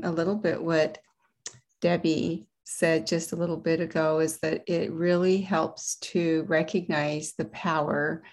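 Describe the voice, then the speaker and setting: Earnest low-voiced woman sharing a book. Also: a little mellow. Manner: earnest, emphatic, reads aloud with feeling. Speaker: guest, project director and coach. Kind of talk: casual talk with read passages.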